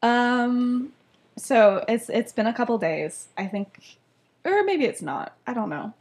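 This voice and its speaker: A woman's voice: fairly high pitch, animated, slow pace, a little mellow. A woman co-hosting a podcast, retelling a story in casual chat, often laughing and saying "like" and "um". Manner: giggly, lots of "like" and "um". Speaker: podcast co-host.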